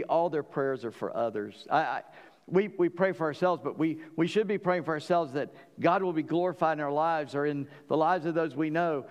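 A man's voice: fairly high pitch, in a large hall. A man preaching a sermon as pastor. He talks earnestly, often stumbles and restarts, and builds to emphatic peaks.

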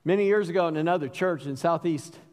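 A middle-aged man preaching a sermon in a folksy storytelling manner, rising higher as he quotes scripture. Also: fast talker, darkish tone. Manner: folksy storytelling preacher, rises in pitch when quoting. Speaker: pastor. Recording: reverberant church hall.

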